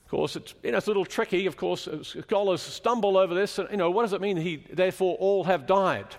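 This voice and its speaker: A man's voice: sits high, fairly quick, a little mellow, long reverb tail. A man preaching a sermon in a chapel, explaining scripture and asking the congregation questions as he teaches.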